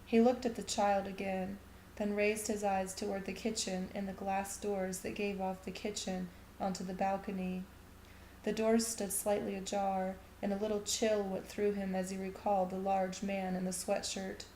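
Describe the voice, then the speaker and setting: A woman reading a short story aloud in a steady, even narrating voice. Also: mid-range voice, moderate pace, slight background noise. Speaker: reader. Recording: echoey room.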